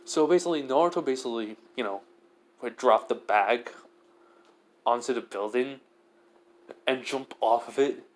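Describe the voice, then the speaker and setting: A man's voice: mid-range voice, normal speed, pauses often. A young man improvising a fan story aloud, rambling with many fillers.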